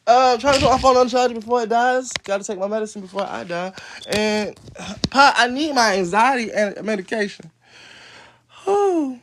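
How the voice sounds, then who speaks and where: A man's voice: high voice, gravelly. Casual man, phone livestream at home, loose profane storytelling with chatter. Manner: rambling, profane, laughing asides. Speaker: livestream host reading a storybook. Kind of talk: casual livestream read-aloud with commentary. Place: at home, moving from outdoors to his room.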